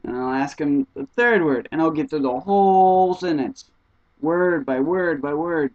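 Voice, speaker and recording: A young man, an exchange student, telling stories to the camera in an animated, casual vlog style, acting out conversations in high squeaky voices. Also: unhurried, no echo, dull audio.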